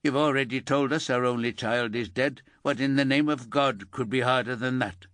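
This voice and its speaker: A man's voice: medium pitch, steady tone, moderate pace, fairly bright tone, no room sound, clean studio sound, voice pushed up, natural voice. A man playing a frail grieving father. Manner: angry then breaking. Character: frail older father, grief-stricken, bitter.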